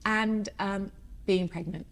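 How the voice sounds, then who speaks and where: A woman in her thirties, a singer being interviewed, chatting casually and telling animated stories with frequent laughs. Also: mid-range voice, slow. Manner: chatty, animated storyteller who laughs often. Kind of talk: casual chat.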